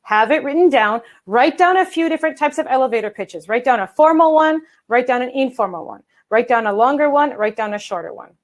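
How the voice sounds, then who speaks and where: Energetic woman coaching viewers, fairly high voice. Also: a little fast, hardly any pauses, poor audio. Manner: energetic, chatty, addresses viewers as guys. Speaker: English coach and presenter. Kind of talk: online workshop talk. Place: home office at a standing desk. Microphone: video call.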